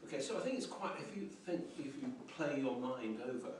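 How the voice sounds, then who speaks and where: This poetry lecture comes from a man with a mid-range, somewhat dark voice who is animated and fairly quick, yet hesitant and reflective, often restarting and saying um. Recorded in an echoey lecture room from afar, with a bit of hiss or hum.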